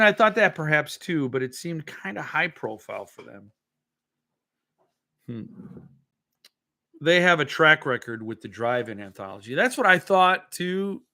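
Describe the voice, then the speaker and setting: A man's voice: a little high, bright, forceful tone. A man hosting a casual livestream, rambling and swearing as he answers viewer comments, a bit tipsy. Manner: rambling, swearing, self-correcting. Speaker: livestream host.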